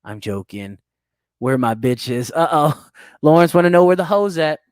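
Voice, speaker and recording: Hosting a podcast, a young man from the United States reads live chat and trades crude teasing, laughing a lot. His slightly high voice is animated yet a little slow, clean-toned in a dry, studio-quality recording.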